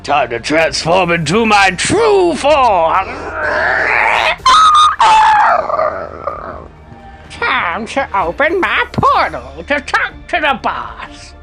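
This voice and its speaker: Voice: medium pitch, sing-song, moderate pace, pushed and bright, faint music behind. A performer voicing a shape-shifting vulture henchman disguised as a dwarf, flippant and slangy. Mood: scheming.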